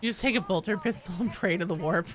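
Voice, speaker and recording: A woman streaming a game, chatting casually with her players, joking, laughing, swearing, and yelling in bursts during fights. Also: mid-range voice, fast talker, a little hiss or hum. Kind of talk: casual live-stream chat while playing.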